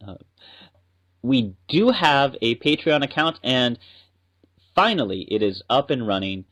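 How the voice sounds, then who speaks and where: A man's voice: medium pitch, big pitch swings, unhurried, fairly bright tone, low-quality recording. A man co-hosting a podcast, chatting and explaining at length. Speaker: podcast co-host. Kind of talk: casual podcast chat.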